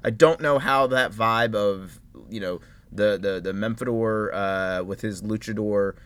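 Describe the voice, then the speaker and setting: A man's voice: on the low side, unhurried, clean tone. A man co-hosting a casual chat, easygoing and rambling, with lots of hedges. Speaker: podcast co-host.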